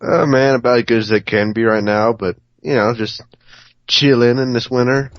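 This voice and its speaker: A man's voice: medium pitch, steady tone, moderate pace, no room sound. A man co-hosting a podcast, chatting in a laid-back way and swearing casually. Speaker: podcast co-host. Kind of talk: casual chat. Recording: dry, dull lo-fi podcast audio.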